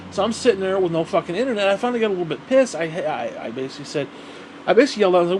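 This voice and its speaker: Profane rambling man, fairly high voice. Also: lively intonation, very fast, a little mellow, slight background noise. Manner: profane, rambling, repeats himself, heated. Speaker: vlogger. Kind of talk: rambling monologue rant.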